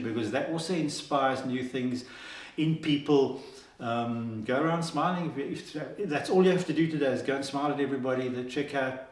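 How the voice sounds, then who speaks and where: A man's voice: mid-range voice, roomy sound. A man hosting an inspirational talk, earnest and upbeat, with many fillers and restarts. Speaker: host.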